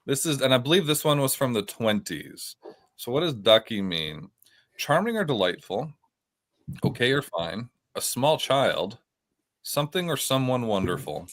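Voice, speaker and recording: A man's voice: medium pitch, very animated, moderate pace, a bit bright. A man hosting a casual slang quiz among friends. He jokes and often restarts his sentences. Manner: joking, with frequent restarts. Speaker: host and quiz master. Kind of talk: casual group chat.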